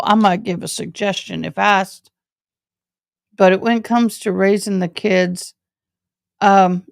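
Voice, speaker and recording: Slow, gravelly woman chatting with viewers. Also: medium pitch, no echo, studio quality. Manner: chatty, talks straight to her viewers. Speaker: live-stream host. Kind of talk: casual chat with viewers. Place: at home. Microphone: camera setup.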